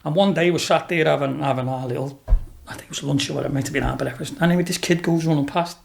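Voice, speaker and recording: A man's voice: a little high, fast, creaky, slight background noise. A man, a guest on a podcast, telling rambling anecdotes in a casual interview and swearing freely. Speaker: podcast guest, racehorse owner.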